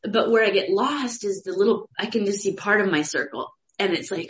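A woman sharing a vulnerable personal experience after a meditation, searching for words as she talks. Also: mid-range voice. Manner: searching, halting, confessional. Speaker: meditation group participant. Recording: roomy echo.

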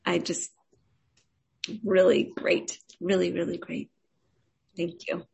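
A woman giving heartfelt, halting feedback after a group meditation, repeating herself as she gushes. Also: on the low side, little pitch movement, vocal fry, a little mellow, husky.

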